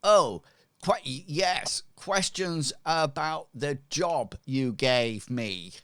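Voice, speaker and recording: A man's voice: on the high side, drawn-out words, a bit bright, smooth, no echo, clean studio sound, pitched above the performer's own voice, exaggerated voice. A man doing a stammering, flustered blacksmith. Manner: stammering, fussy politeness. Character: nervous, flustered male blacksmith.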